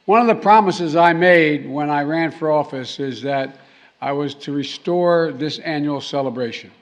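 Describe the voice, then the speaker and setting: A man with a somewhat high voice gives a formal speech at a podium microphone. He often stumbles, repeats words and restarts his sentences, and drops jokey asides to the crowd. A faint hum of noise sits behind him. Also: moderate pace. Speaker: president giving a speech. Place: formal reception hall, indoors.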